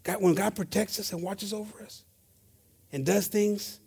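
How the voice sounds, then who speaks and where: High-voiced animated bilingual preacher man. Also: normal speed, creaky, slightly rough. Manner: switches between English and Spanish, calls out amen and hermanos; animated, swings from loud to soft. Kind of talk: bilingual sermon.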